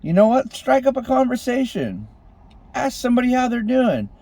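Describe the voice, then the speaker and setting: A man giving an impassioned motivational monologue, swinging between loud exhortation and hushed intensity, calling on the listeners as ladies and gentlemen. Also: very high voice, sing-song, moderate pace, vocal fry, no echo. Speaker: street preacher-style motivational speaker.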